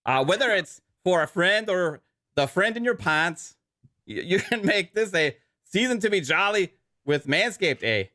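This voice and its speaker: A man's voice: expressive, measured pace, dry recording, clean studio sound, heavily acted. A man voicing a hammy Canadian man who reads a cheeky ad in an exaggerated accent, tacking 'eh' onto his lines. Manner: joking, playful, slightly higher and louder.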